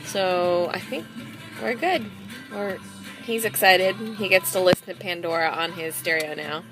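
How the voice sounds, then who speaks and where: A woman's voice: lowish voice, measured pace, over music. A woman vlogging in a casual, chatty way, laughing often as she talks. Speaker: beauty vlogger. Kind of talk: casual vlog chat.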